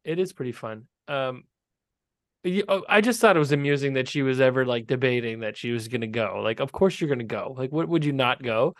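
A man's voice: medium pitch, a little fast, dry recording, clean studio sound. A man co-hosting a podcast in casual chat, sarcastic and often laughing. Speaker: podcast co-host.

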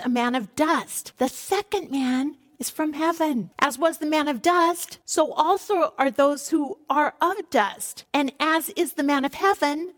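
A woman giving sermon-style Bible teaching with passion, sometimes crying out lines as God and dropping her voice low when she warns about sin. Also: in a large hall. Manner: impassioned, acts out God crying out.

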